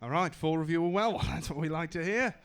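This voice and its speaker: Young male stand-up comic, fairly high voice, wry and self-deprecating. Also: a little fast, fairly bright tone, smooth. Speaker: stand-up comedian. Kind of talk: stand-up comedy set. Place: comedy club stage in New York.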